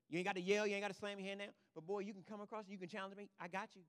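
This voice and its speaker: High, bright-voiced preaching pastor. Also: male voice, steady tone, rapid-fire, clear, resonant tone, big-room sound. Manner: emphatic preaching that swings from quiet asides to loud declarations; checks in with the congregation. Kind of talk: sermon.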